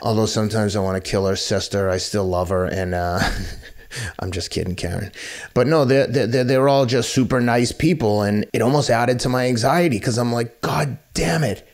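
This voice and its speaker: A man's voice: on the low side, moderate pace. Blunt, candid middle-aged man. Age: 50s. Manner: candid, blunt, swears freely. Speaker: podcast guest. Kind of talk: casual interview talk.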